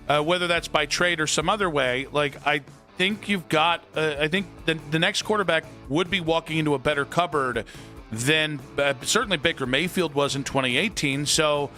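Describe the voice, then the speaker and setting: A man's voice: on the high side, bright, forceful tone. A man hosting a sports radio show in a chatty, casual way, with frequent fillers and restarts.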